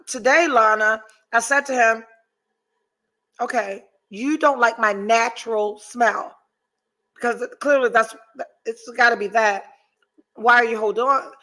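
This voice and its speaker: High-voiced, dramatic woman podcast host. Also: steady tone, a little slow, pauses often, pushed and bright, poor audio. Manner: dramatic, swings between mock despair and laughter. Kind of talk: candid, profane casual chat reading viewer comments.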